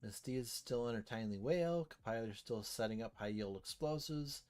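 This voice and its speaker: A man's voice: medium pitch, moderate pace, a little mellow. A man reading a game story aloud, narrating in first person with shifting dramatic intensity. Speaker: story reader. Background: faint background music.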